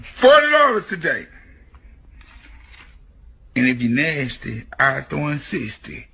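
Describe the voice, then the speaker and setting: A man voicing a crude, sleazy street hustler in a slow, leering drawl. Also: fairly high pitch, huge pitch swings, sharp tone, slightly rough, voice pushed down, heavily acted.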